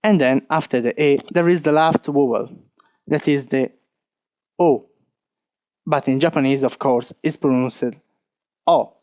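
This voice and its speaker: A man with an Italian accent, teaching an online lesson, talking slowly and patiently and counting strokes aloud. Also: mid-range voice, a little mellow, no echo, highs cut off. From Italy. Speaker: language teacher.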